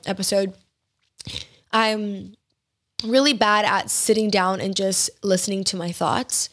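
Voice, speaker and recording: A woman's voice: medium pitch, a bit bright. Chatty young woman hosting a podcast. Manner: chatty and confiding, with filler words. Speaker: podcast host. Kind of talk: casual solo podcast chat.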